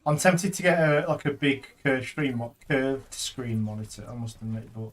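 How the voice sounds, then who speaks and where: A man's voice: mid-range voice, normal speed. A man, chatting and joking casually while streaming a game, a father teasing his daughter. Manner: jokey, teasing, rambling. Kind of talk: casual gaming stream chat.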